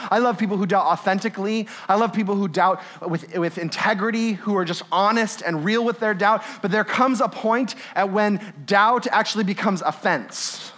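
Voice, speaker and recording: A young man delivers a sermon in a loose, talkative way, with a voice that sits high for a man. He keeps checking in with the congregation through quick tag questions and acts out short everyday scenes as he goes. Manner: animated and conversational, with laughs and tag questions. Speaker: pastor.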